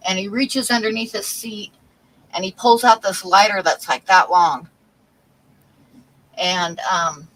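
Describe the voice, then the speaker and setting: A woman hosts a livestream, chatting casually and telling corny jokes, then apologizing for them. Her mid-range voice is steady and fairly bright at a normal speed, on a low-quality recording with slight background noise.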